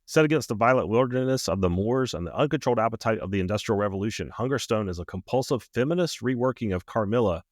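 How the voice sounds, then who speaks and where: A man's voice: lowish voice, quick pace, hardly any pauses, no room sound, studio quality. A man co-hosting a podcast about horror, chatting casually, reading book blurbs aloud and laughing easily. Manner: relaxed, reads book blurbs aloud with frequent "uh"s and easy laughs. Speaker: podcast co-host.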